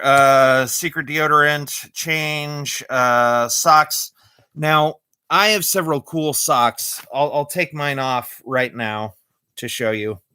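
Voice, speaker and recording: Man, slow and bright, rambling casual vlog host, dry close sound. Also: a little high, smooth, no echo. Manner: rambling, halting, many fillers; corny jokey delivery. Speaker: vlogger showing magic tricks.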